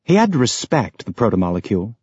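A man reading audiobook narration in a steady, even way, on a dry, dull lo-fi recording. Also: fairly low pitch, quick pace, husky, dry recording.

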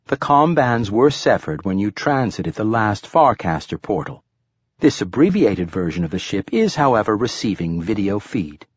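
A man's voice: on the low side, big pitch swings, moderate pace, husky, no echo, studio quality. A man voicing a polite, chirpy talking bracelet computer that speaks in a precise, formal, helpful way.

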